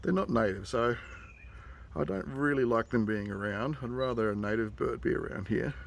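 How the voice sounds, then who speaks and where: Speaking with an Australian accent in a creaky mid-range voice at normal speed, a man narrates a nature video for his nephews. He's out in a rural yard with bush and birds, slight background noise audible, chatty and excited but hushing whenever animals are near.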